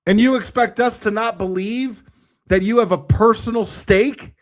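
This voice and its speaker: A man's voice: high-pitched, moderate pace. A man giving casual ranting commentary, swearing freely and sounding sarcastic and exasperated.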